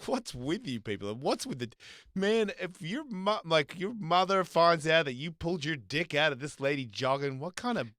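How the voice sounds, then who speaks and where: A man hosts a casual live stream, telling crude, rambling stories in a bright voice and acting out the people in them. The sound is dry, with little room echo. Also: a little high, animated, fairly quick, few pauses. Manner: crude, rambling storyteller with loud quoted voices. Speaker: host.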